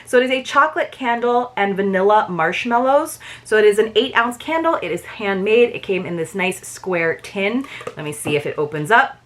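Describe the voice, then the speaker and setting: A woman's voice: medium pitch, expressive, normal speed, a bit bright. A woman in a casual unboxing video, chatting to viewers as "you guys" and reading bits aloud. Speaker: book box reviewer.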